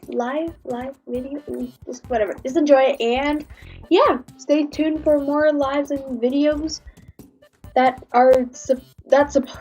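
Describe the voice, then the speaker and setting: A woman's voice: sits high, a little mellow. A woman hosting a casual reaction livestream, rambling and giggly with lots of restarts. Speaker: livestream host.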